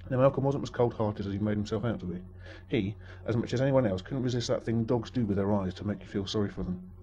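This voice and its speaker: This man's voice is deep and dark as he narrates a tale briskly, his humor dry and wry. Sound quality is muffled and flat.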